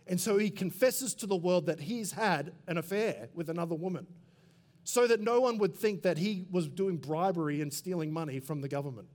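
A man preaching a sermon in a relaxed, conversational way, full of asides and quick fillers. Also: high voice. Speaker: pastor.

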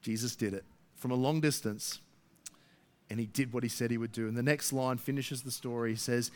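A man preaching a sermon to his church, emphatic, swinging between loud rising stresses and soft low asides. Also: steady tone, a little fast. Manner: emphatic, rising to near shouts then dropping soft. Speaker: pastor.

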